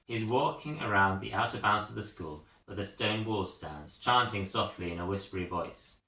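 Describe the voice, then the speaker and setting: A man narrating a second-person storybook in a measured way, with occasional coughs. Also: on the low side, bright, forceful tone. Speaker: audiobook narrator. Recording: roomy echo, mic at a distance.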